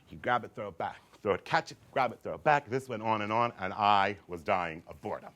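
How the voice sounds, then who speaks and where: A man doing comedic storytelling, campy and animated, acting out voices. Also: on the low side, a little fast.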